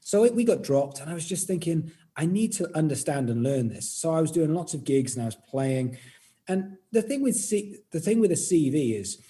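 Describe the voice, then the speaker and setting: A middle-aged man with a Welsh accent and a dark, relaxed tone. He talks as a music educator in an interview, self-effacing and quick to laugh, often restarting his sentences. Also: a little high. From Wales. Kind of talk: casual interview chat.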